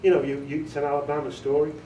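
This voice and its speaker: A British man with a voice on the high side races through an informal workshop talk in a monotone, acting as an audiobook director. Chatty and joking, he quizzes a small audience in a meeting room, and the recording is echoey with him far from the mic and faint noise.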